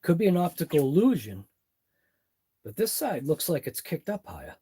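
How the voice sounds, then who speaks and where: Mellow-voiced man muttering over his workbench. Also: a little high, huge pitch swings, normal speed, breathy edge. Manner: muttering thoughts aloud as he works. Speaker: RC hobby channel host. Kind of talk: live workshop chat while wrenching. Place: home garage workshop.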